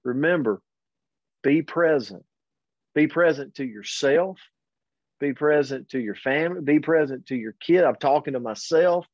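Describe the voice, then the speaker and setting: A man hosting a daily motivational pep talk, earnest and energetic, speaking directly to his audience. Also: a little high, a little slow, no room sound. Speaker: host and motivational coach. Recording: dull, lo-fi dry recording.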